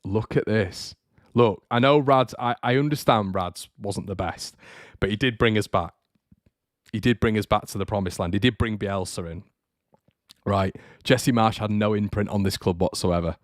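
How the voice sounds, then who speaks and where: Chatty low-voiced man. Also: normal speed, no echo, clean studio sound. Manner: chatty, rambling, reads viewer comments. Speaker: fan channel host. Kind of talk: casual livestream chat.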